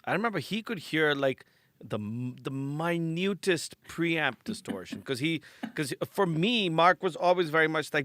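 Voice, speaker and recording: A man's voice: a little high, normal speed, slight background noise. A man hosting a podcast, chatting casually and chummily with his guest. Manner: relaxed, chummy, says dude and man. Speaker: podcast host. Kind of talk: casual interview chat.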